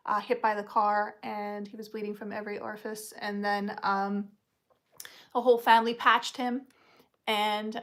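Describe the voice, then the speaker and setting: A woman hosting a casual livestream, talking in a rambling, chatty way with frequent ums and uhs. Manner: coos at puppies in a high baby-talk voice. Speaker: livestream host. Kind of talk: casual live chat.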